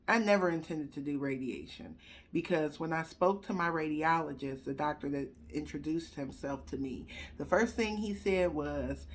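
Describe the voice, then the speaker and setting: A woman speaking candidly to her viewers in a casual personal story, animated and swinging between soft and loud. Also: deep voice. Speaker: vlogger sharing her cancer journey.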